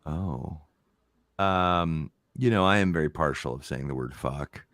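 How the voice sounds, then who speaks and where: A man with a very low voice talks as a guest on a podcast. He thinks aloud, trails off, and restarts his sentences. The sound is dry and close, with no room echo. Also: a little slow, a bit bright. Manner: reflective, laughs often, many ums and restarts. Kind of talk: casual podcast interview.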